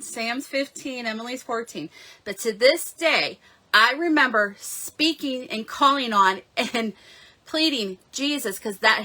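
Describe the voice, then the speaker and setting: Bright-voiced woman hosting a live devotional. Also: on the high side. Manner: earnest, heartfelt storytelling. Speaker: devotional host. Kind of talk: live-stream devotional talk.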